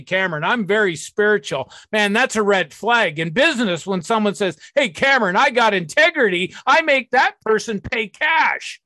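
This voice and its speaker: A man's voice: high voice, sharp tone, no room sound. A man giving a blunt, profane talk on recovery and sponsorship, acting out the people he quotes.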